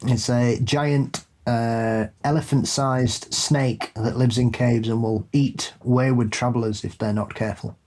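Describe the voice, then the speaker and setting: A man co-hosting a ghost story podcast, chatting casually and reading out listener stories in a dry, unhurried way. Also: mid-range voice, steady tone, darkish tone. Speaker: podcast co-host.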